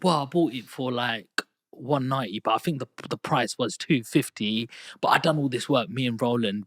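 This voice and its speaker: A man's voice: medium pitch, no echo. A man in his thirties, a podcast guest, talking casually and telling stories that act out other people's words. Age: 30s. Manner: lively storyteller who acts out quoted dialogue. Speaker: guest, property investor. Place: podcast studio booth.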